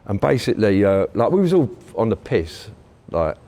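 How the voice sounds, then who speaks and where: A man's voice: on the low side, sing-song, normal speed, dark tone. A man with a London accent, a guest on a casual podcast, telling rambling stories full of swearing and fillers. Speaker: guest graffiti writer.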